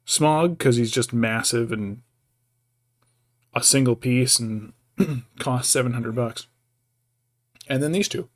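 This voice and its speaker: This young man speaks slowly in a mid-range voice, pausing often as he paints miniatures on a live stream. His casual chatter wanders and gets cut off by his own jokes, and between asides he baby-talks to his pet.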